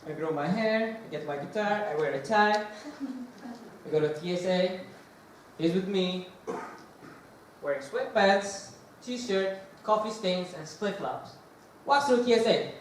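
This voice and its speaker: A man tells comic anecdotes on stage with a lively, laughing delivery. His voice sits slightly high and carries through a very echoey auditorium. The mic is distant, with a faint hiss underneath. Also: a little slow. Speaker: monologue performer. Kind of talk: humorous storytelling monologue.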